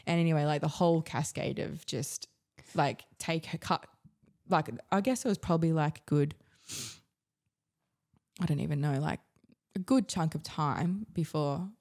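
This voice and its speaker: An Australian woman tells her story as a podcast guest, her voice low-pitched and mellow. She talks frankly and ramblingly, full of fillers and easy swearing. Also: measured pace. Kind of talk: candid personal storytelling.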